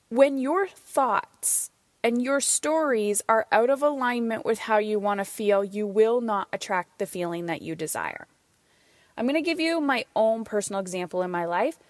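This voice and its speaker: A woman's voice: medium pitch, no echo. Emphatic woman podcast host, dry sound. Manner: energetic, emphatic, swears casually. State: out of breath. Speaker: podcast host and parenting coach. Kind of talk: solo podcast monologue.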